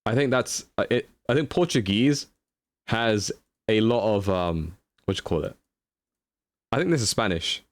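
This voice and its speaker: A man's voice: on the low side, lively intonation, unhurried, pauses often, dry recording. A young man streaming live, chatting casually as he thinks aloud through a guessing game and answers his chat.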